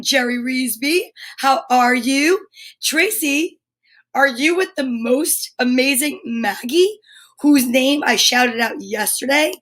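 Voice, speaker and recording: Bubbly high-voiced woman hosting a kids' show. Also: sharp tone. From United States. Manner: bubbly and enthusiastic, greeting viewers by name. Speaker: children's show host. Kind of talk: live-streamed kids' lesson.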